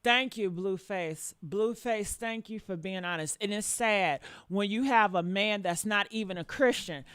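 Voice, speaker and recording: Hoarse, profane woman reacting. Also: mid-range voice, a little slow, few pauses, a bit bright, no room sound, studio quality. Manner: blunt, profane, preachy. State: hoarse from yelling. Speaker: commentary show host. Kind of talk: reaction commentary.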